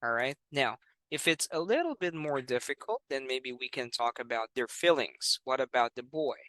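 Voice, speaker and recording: Bright-voiced male English teacher. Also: medium pitch, animated, moderate pace, dry recording, rough recording. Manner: clear, patient, with frequent "all right" and "you know". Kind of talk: explaining teaching methods.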